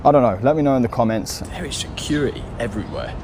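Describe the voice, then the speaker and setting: A man's voice: mid-range voice, quick pace, a little mellow. A man with a British accent vlogging outdoors in a city, sounding puzzled and questioning. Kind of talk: casual vlog. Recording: faint street and traffic noise.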